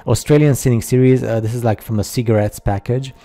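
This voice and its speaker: A man narrating a slideshow in a casual, halting way, full of fillers and skeptical asides. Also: medium pitch, fairly even intonation, mellow. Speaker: video narrator.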